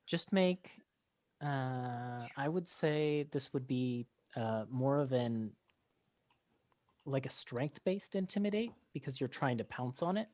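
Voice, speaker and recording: A game master narrating a tabletop game, talking haltingly with many fillers and restarts. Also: medium pitch, expressive, darkish tone, no room sound, studio quality.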